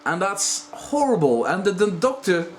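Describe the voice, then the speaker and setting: A man in his thirties giving a casual spoken review, animated and self-deprecating, laughing often. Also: sits high, moderate pace, slight background noise. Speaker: video reviewer.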